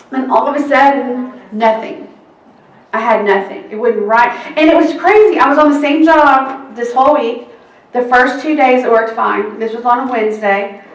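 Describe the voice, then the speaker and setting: A woman, a court reporter telling a lively work story to a seminar audience and acting out the quoted exchanges. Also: on the high side. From Texas. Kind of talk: anecdote told to an audience. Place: seminar room. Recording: roomy sound from a distance.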